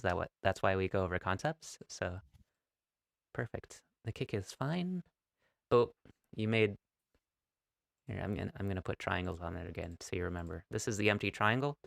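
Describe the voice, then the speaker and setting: A man giving a relaxed, encouraging online go lesson, with a playful streak. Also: sits low, moderate pace, vocal fry, no echo, clean studio sound. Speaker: go teacher.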